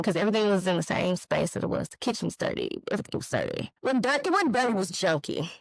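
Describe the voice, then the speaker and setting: A woman's voice: lowish voice, no room sound, rough recording. A young woman, hosting a podcast and telling a personal story frankly and animatedly, acting out the dialogue. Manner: animated, frank and profane, acts out quoted dialogue. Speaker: podcast host. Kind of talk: candid storytelling monologue.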